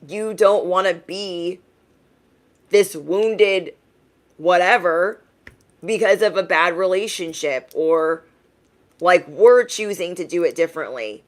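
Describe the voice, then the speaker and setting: Frank, emphatic woman doing a reading. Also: fairly low pitch. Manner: emphatic, frank, tags lines with "okay?". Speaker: tarot reader. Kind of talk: casual livestream reading.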